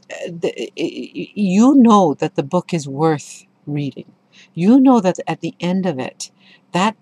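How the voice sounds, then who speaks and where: A woman's voice: deep voice, a little mellow. A middle-aged woman giving a casual spoken book review, telling stories with enthusiasm and expression.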